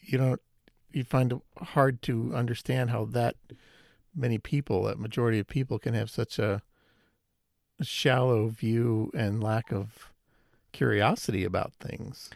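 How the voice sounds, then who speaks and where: A man's voice: medium pitch, steady tone, unhurried, creaky, darkish tone, no echo. A man co-hosting a podcast, adding dry, wry remarks in casual chat. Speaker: podcast co-host.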